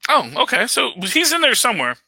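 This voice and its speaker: A man's voice: very high voice, huge pitch swings, brisk, gravelly, pushed and bright, breathy edge, no echo. A man hosting a casual podcast chat, rambling enthusiastically with frequent fillers and laughs. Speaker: podcast host reviewing a film.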